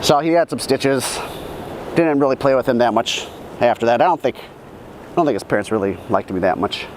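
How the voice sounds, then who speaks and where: A man's voice: mid-range voice, moderate pace, slight background noise. A man telling childhood stories in a casual vlog, rambling and profane, correcting himself as he goes, first outdoors and then in his car. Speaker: vlogger.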